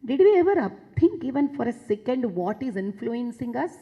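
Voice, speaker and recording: Indian woman addressing a session, husky voice pitched a little high, emphatic and repetitive delivery. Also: big pitch swings, normal speed, phone-quality sound. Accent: Indian English. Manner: emphatic, repeats phrases for force. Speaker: public speaker addressing a session. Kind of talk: impassioned public talk.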